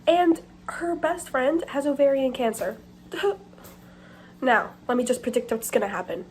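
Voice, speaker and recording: A woman's voice: high-pitched, animated, unhurried, slight background noise, low-quality recording. Teenage girl ranting in a book vlog. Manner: candid and dramatic, shifting between whispering and loud complaint. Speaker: book vlogger. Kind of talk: casual reading vlog. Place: bathroom.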